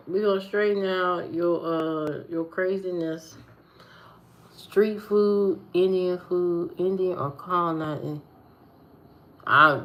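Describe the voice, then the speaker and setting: A woman chats casually with her viewers in a lowish voice. She takes her time, repeats phrases for emphasis, drawls key words and teases them. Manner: repeats phrases, playful teasing, drawn-out emphasis. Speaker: vlogger talking to viewers. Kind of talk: casual chat.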